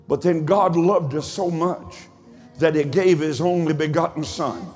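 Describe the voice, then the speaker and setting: A man preaching in a high, ringing voice, drawing his lines out slowly before they rise into shouts. His words roll through a church hall with a long tail of reverb, while faint music plays underneath. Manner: rhythmic preaching, swells to shouts. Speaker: pastor. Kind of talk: sermon. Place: church sanctuary.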